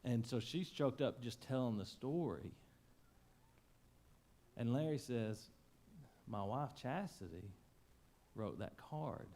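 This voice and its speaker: A man preaching a sermon, telling a story in a folksy, emotional way that swings from loud to hushed. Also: mid-range voice, expressive, slow, pauses often. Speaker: pastor. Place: church sanctuary.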